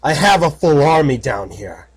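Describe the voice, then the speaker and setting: A man's voice: fairly high pitch, very animated, moderate pace, a little hiss or hum. A man voicing an arrogant male corporate villain in a fan audiobook, condescending and cold. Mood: haughty. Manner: haughty, condescending.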